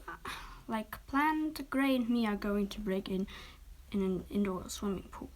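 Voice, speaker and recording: Young woman narrator; soft, whispered role-play reading. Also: medium pitch. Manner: soft, often whispered, occasional stumbles. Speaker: story reader.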